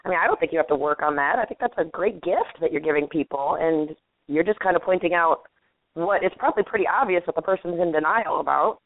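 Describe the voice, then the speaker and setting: Frank fast-talking woman on a phone line. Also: fairly low pitch, no echo. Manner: frank, emphatic, quick. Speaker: life coach guest. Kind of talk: casual interview chat. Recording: tinny phone-line audio, dry.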